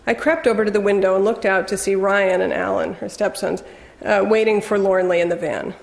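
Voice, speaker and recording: Brief: wry, measured first-person audiobook narrator, woman, mid pitch. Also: steady tone, gravelly, long reverb tail.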